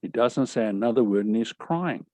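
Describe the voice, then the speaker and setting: A man's voice: mid-range voice, lively intonation, moderate pace, warm tone, no room sound. An older man telling a personal story to an audience in an earnest, emotional way, often retelling what others said to him. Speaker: speaker telling his life story.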